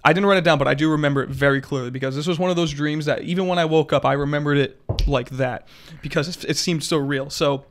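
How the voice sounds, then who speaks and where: Young man, high voice, animated, laughing, swearing, casual podcast chat. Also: quick pace, slight background noise. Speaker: podcast co-host.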